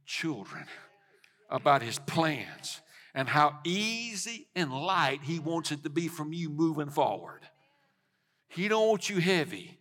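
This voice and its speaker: Middle-aged male pastor, fervent sermon delivery, high voice, echoing sanctuary. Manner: passionate preaching, swells to shouting. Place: church sanctuary. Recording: long church hall reverb.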